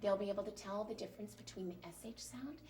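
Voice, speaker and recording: A woman teacher leading a small group through a phonics lesson, patiently and encouragingly modeling each sound clearly. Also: mid-range voice, quick pace, darkish tone. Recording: distant mic with faint noise.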